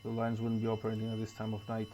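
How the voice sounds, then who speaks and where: A man reading the lines of a drunk, scheming failed writer from the 1940s, muttering low, with a faint hiss behind. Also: monotone, racing, warm tone, close to an everyday voice. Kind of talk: reading game dialogue aloud.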